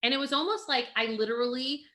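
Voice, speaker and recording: Lady hosting a chatty podcast, giggles a lot, bright high-ish voice, tells it like it is. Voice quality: giggly, quick to laugh. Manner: animated, candid storytelling. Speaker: podcast host. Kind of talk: casual conversation.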